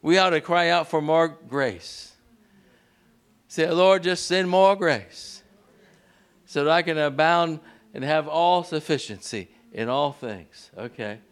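A man preaching a sermon in a church, leading the congregation in call-and-response and pushing his pitch up sharply on key words. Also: a little slow, fairly bright tone, clear, resonant tone. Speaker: pastor.

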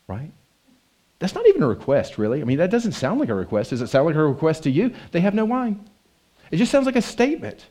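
A man preaching a sermon in a conversational way, often asking his listeners questions. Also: mid-range voice. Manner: animated, conversational, asks the audience questions.

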